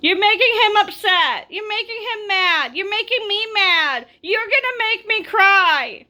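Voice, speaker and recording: A woman's voice: very high voice, expressive, measured pace, pushed and bright, voice pushed up, full character voice. A woman voicing her upset friend, whiny and rising toward tears. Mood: whining.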